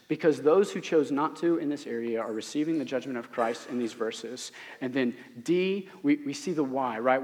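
High-voiced earnest preacher in a reverberant hall. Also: male voice. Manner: earnest, emphatic, asks rhetorical questions. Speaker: pastor. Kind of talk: sermon. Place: church sanctuary.

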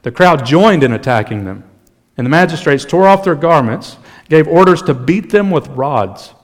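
A male pastor delivers a sermon in an animated, conversational style. He mixes humor into the preaching and speaks with a slightly high voice. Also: moderate pace.

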